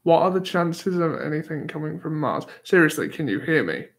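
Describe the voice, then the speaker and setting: A man's voice: fairly high pitch, very animated, a little fast, creaky. A man hosting a casual livestream, reading out chat questions with easy chuckles and self-deprecating remarks. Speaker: livestream host. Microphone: new desktop microphone.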